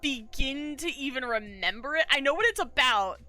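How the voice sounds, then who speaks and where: A young woman streamer chatting casually on a live art stream, telling animated stories and acting out quotes. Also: high-pitched, faint music behind. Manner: animated, quick storyteller who acts out quotes.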